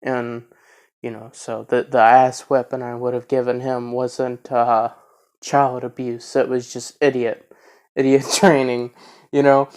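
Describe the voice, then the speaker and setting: A man's voice: medium pitch, level tone, unhurried, darkish tone, smooth. A man in his twenties telling a story casually, rambling with lots of fillers and restarts. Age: 20s.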